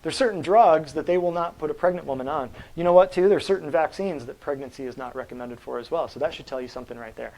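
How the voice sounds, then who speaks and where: A man with a slightly higher voice lectures a live audience on natural health. He is emphatic and blunt, often firing questions at the room to drive each point home. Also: quick pace, few pauses, darkish tone, rough recording. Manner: blunt and combative. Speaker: natural health practitioner giving a talk.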